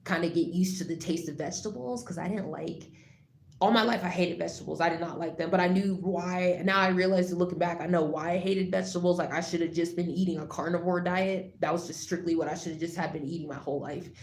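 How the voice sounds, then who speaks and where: A woman's voice: on the low side, steady tone, fast. Rambling woman vlogger in an echoey room. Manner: rambling, many fillers and restarts, grows loud and heated when ranting. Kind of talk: casual monologue to camera. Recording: echoey room, faint background noise.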